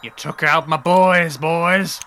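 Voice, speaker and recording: A man playing a Western outlaw boss who drags his words out slow and menacing. The voice stays bright and forward. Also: fairly high pitch, fairly even intonation, slight background noise, full character voice. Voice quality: slow, drawling villain voice. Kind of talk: comic game role-play.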